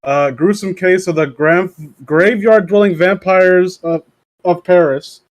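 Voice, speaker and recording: A man hosting a casual podcast, reading aloud haltingly and joking around. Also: high voice. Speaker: podcast host.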